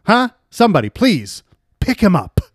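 A campy convict, played by a man, theatrical and pleading, his pitch leaping around. The sound is dry and close. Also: huge pitch swings, normal speed, no room sound, full character voice.

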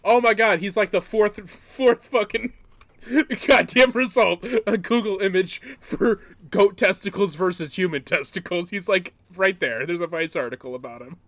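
A man co-hosting a casual comedy podcast, riffing crude jokes with loud outbursts. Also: high-pitched, moderate pace, no echo. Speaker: podcast co-host.

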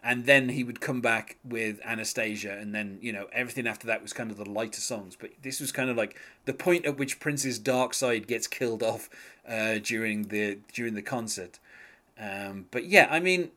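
A man's voice: lowish voice, moderate pace, pushed and bright. A man chatting casually as a podcast host, rambling with many fillers and frequent chuckles. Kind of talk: casual music discussion.

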